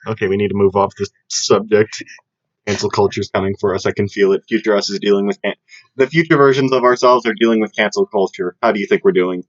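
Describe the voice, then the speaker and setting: A man's voice: on the low side, steady tone, no echo. A young man from the States, co-hosting a podcast in casual, rambling, jokey chat. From Southern United States. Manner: rambling, jokey, quick to laugh. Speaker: podcast co-host. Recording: dry, dull lo-fi audio.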